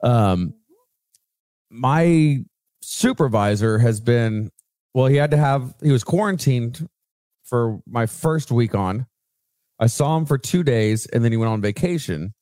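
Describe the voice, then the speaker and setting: A man's voice: medium pitch, expressive, measured pace, dark tone, no echo. Casual male podcast host, dry sound. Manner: casual, swears, reads sponsor plugs with asides. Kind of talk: casual podcast chat and sponsor reads.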